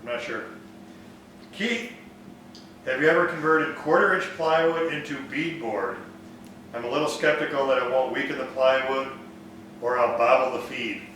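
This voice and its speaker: Man, woodshop host, relaxed Q&A, far mic, big room echo. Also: mid-range voice, moderate pace, pauses often, slight background noise. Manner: relaxed, thinks aloud with fillers. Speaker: woodworking live stream host. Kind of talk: casual live Q&A, reading viewer comments. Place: woodworking shop.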